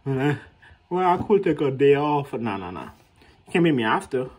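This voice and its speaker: Husky man telling a dating story. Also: normal speed. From Haiti. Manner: animated, laughs often, slangy, acts out quotes with raised pitch. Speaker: vlogger. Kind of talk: casual storytelling to camera.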